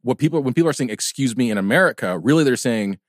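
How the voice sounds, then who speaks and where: A man's voice: mid-range voice, expressive, fast, no echo, studio quality. Chuckling, questioning male podcast host. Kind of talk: casual comedic chat. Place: podcast studio.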